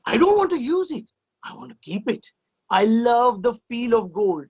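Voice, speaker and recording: A greedy, gold-crazed king who begs and demands in long, drawn-out phrases, as a male storyteller puts him on. His voice sits fairly high for a man. The recording sounds dull and lo-fi. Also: big pitch swings, darkish tone, slightly rough, heavily acted. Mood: possessive. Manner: craving, pleading, drawn-out.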